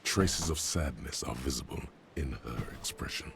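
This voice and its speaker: A gravelly deep game narrator. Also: male voice, a bit bright, a little hiss or hum, full character voice. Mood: somber. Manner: slow, measured, descriptive.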